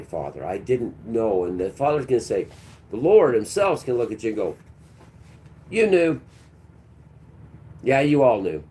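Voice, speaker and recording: Man, low mellow voice, preachy livestream rant, snaps at chat. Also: a little hiss or hum. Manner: preachy and combative, talks back to chat. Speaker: livestream host. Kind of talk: ranting livestream monologue.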